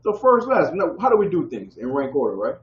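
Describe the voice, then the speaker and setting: Teaching scripture to a group like a preacher, this man swings his pitch hugely and talks a little fast. He keeps the room answering back with "y'all with me?" over roomy, dull low-fi sound carrying faint background noise.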